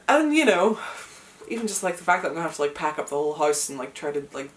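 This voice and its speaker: A woman's voice: sits low, sing-song, fast, far from the mic. A young woman vlogging from her home, talking in an emotional, chatty way with lots of fillers and nervous laughs. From United Kingdom. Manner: chatty, emotional, many fillers, laughs through hard moments. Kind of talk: casual chat to camera. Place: at home, indoors.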